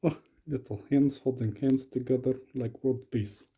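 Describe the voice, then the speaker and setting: A man's voice: medium pitch, steady tone, normal speed, dark tone, slight background noise. A young man doing playful, comic commentary while unboxing lock picks, sometimes slipping into a mock Russian persona.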